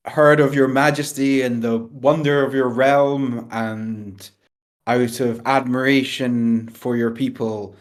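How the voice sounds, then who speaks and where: A man voicing a courteous female adventurer who speaks slowly and formally to a king. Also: mid-range voice, lightly acted. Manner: slow, formal, ceremonious.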